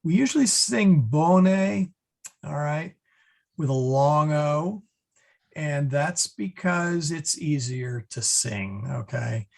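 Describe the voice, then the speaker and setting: Husky, slow-talking Latin teacher, man. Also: on the high side, expressive. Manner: halting, many fillers and restarts, chuckles at his own jokes. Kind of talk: online class lecture.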